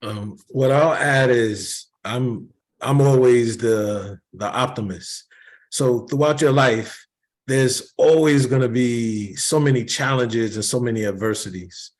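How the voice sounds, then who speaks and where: A man speaking as a panelist in a measured way with pauses over a video call. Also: mid-range voice. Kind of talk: panel discussion.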